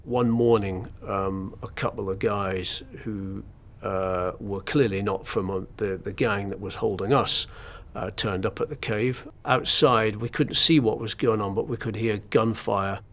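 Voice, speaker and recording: A man's voice: lowish voice, steady tone, a little slow, hardly any pauses, fairly bright tone. A man, a journalist, recounting his captivity in an interview in an understated, wry and hesitant way. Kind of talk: first-person interview account.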